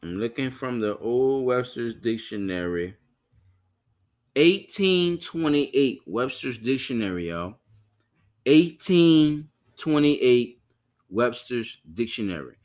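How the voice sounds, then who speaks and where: A man's voice: medium pitch, very animated, a little slow. Loose, profane podcast host man. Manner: loose, profane, repeats himself to listeners. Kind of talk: casual chat.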